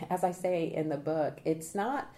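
A woman with a low voice speaks slowly as a podcast interview guest. She is a trial consultant and presentation coach, talking with energy, laughing, and animatedly acting out what jurors say.

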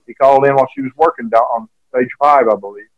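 A man's voice: medium pitch, fast talker, no room sound, muffled recording. Chatty older-sounding man telling stories. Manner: rambling, chatty, many fillers and restarts. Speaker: author and guest. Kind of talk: interview, storytelling anecdote.

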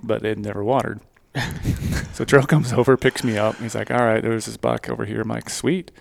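Podcast co-host, man; low, gravelly voice, animated storyteller, dry sound. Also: a little fast, slight background noise. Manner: animated storyteller, quotes his own thoughts. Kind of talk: casual storytelling chat.

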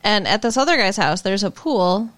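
A woman's voice: mid-range voice, lively intonation, normal speed, fairly bright tone, no echo. A woman co-hosting a podcast, chatting casually about a TV episode, asking wry questions about the plot. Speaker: podcast co-host. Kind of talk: casual TV recap chat.

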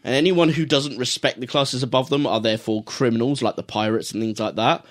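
A man on a casual review podcast, opinionated and explanatory. His voice sits at a middling pitch for a man, and he works through his arguments point by point. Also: fairly quick. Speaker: podcast co-host.

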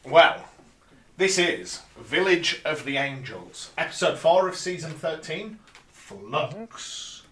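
A man's voice: fairly high pitch, sing-song, takes it slowly, a bit bright. A man recapping an episode plot step by step on a casual podcast, with dry little asides. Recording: roomy, distant mic.

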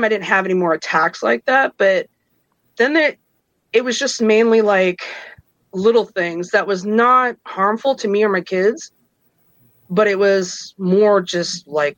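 A woman's voice: medium pitch, lively intonation, normal speed, a bit bright, no room sound, muffled recording. A woman in her thirties casually telling a personal story, acting out the voices of others and laughing between lines. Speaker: guest telling her own experiences.

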